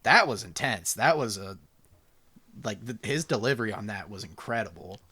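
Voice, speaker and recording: A young man co-hosting a podcast, chatting casually about movies, excitable, laughing and swearing. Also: lowish voice, moderate pace, slightly rough. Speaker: podcast co-host.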